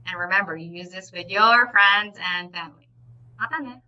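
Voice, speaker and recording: A woman teaching a live online language lesson, saying each word slowly and repeating it clearly, with frequent encouraging "okay"s. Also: on the low side, lo-fi sound. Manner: instructive and encouraging, often says "okay".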